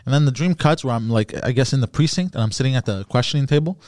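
A man's voice: medium pitch, fast talker, a little mellow, dry recording. A man co-hosting a podcast, telling a long dream story in casual chat, with lots of fillers and restarts. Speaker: podcast co-host.

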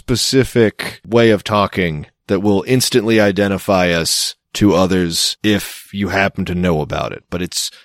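A man's voice: deep voice, moderate pace, hardly any pauses, dry recording, studio quality. A man co-hosting a podcast, telling stories in a laid-back, teasing way. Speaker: podcast co-host. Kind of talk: casual chat.

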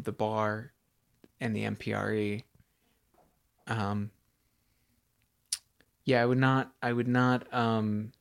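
A man's voice: on the low side, vocal fry. A tired young man co-hosting a podcast in casual chat, rambling and self-deprecating, often restarting his sentences. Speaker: podcast co-host.

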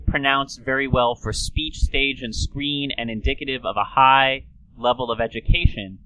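A man's voice: medium pitch, pushed and bright, muffled recording. A man hosting a talk, explaining speech science in a playful, chatty way. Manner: playful, slips into an old-timey radio announcer voice.

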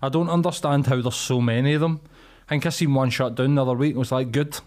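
A man's voice: mid-range voice, steady tone, fast. Teasing Scottish podcast man. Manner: teasing, chips in with short jokes. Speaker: podcast co-host. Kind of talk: casual chat.

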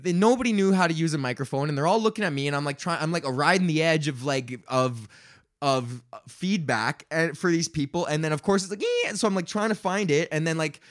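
A man hosting his own podcast, ranting casually about poker and sound gigs in a profane, rambling, animated way. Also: fairly high pitch. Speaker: podcast host. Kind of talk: casual solo rant.

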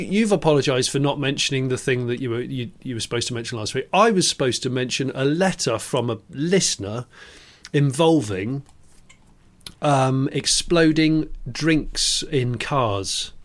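A man's voice: medium pitch, animated, normal speed. A man co-hosting a podcast in casual chat, dry and self-deprecating, laughing often. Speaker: podcast co-host.

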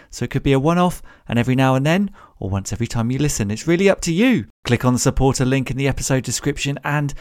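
A man's voice: mid-range voice, a little mellow. A man hosting a podcast, reading a scripted intro in an upbeat, enthusiastic way. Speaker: podcast host. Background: music.

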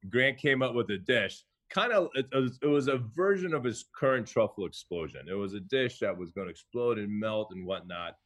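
Low-voiced American chef telling stories. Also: male voice, brisk, few pauses. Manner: animated, restarts phrases, acts out quoted chefs. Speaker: chef and guest. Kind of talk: conversational storytelling.

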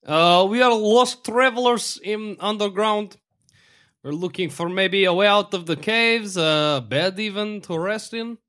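A man takes part in a tabletop game with a somewhat raised voice. He lays out his character's actions slowly and deliberately, one step at a time. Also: high voice, a bit bright. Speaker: player. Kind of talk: casual tabletop gaming chat.

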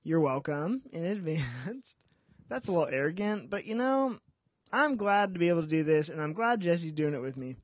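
A male podcast host with a slightly higher voice walks listeners through a comic book story, then slips into playful, self-mocking banter. The recording is close and dry, with no room sound around him. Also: lively intonation, brisk, dry recording.

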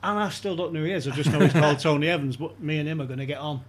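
A man's voice: fairly high pitch, rapid-fire, breathy edge. A man as a podcast guest, telling anecdotes in casual chat and chuckling often as he talks.

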